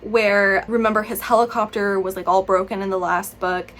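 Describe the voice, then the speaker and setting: A woman's voice: mid-range voice, steady tone, normal speed, a bit bright, slight background noise. A woman chatting through a book review vlog, exasperated and rambling, with many "like"s. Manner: exasperated, chatty, heavy use of "like".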